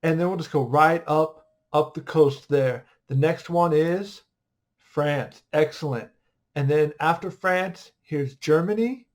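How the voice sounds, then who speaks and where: Upbeat joking male history teacher. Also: fairly high pitch. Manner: upbeat, joking, quizzes the students. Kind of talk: casual online class lecture.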